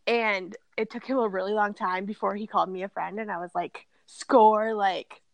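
A young woman in her twenties, co-hosting a podcast and chatting in a playful, animated way. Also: mid-range voice, fairly quick, vocal fry, no room sound. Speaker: podcast co-host. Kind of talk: casual chat.

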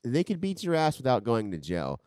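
A man's voice: mid-range voice, huge pitch swings, a little fast, a little mellow, clean tone, no echo, studio quality. A man co-hosting a podcast in casual chat, blunt and joking and swearing freely. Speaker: podcast co-host and parent.

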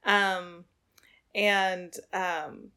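A woman's voice: lowish voice, little pitch movement, drawn-out words, pushed and bright. A woman hosting a podcast, affirming her guest and asking long, careful questions full of fillers. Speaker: podcast host. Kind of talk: podcast interview.

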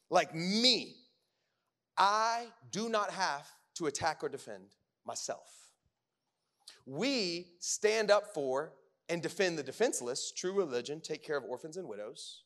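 A man preaching a sermon in a casual, conversational way, full of fillers, swinging from loud bursts to hushed lines. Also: high voice, expressive, unhurried.

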